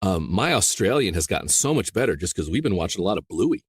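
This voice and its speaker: A man from rural Iowa, an audiobook narrator, chatting as a guest in a casual interview, rambling with many restarts and quick laughs. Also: sits low, big pitch swings, slightly rough, no echo, clean studio sound. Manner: rambling, full of "you know" and restarts, laughs easily.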